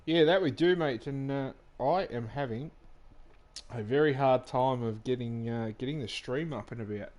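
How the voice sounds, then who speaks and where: A man with an Australian accent doing relaxed live commentary on a sim racing league, trading dry banter and reading out standings with plenty of fillers. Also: mid-range voice, moderate pace.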